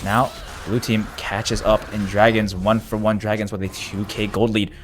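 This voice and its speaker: A man doing live play-by-play commentary of an esports match, getting loud and excited during big plays. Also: on the low side, moderate pace, a little hiss or hum.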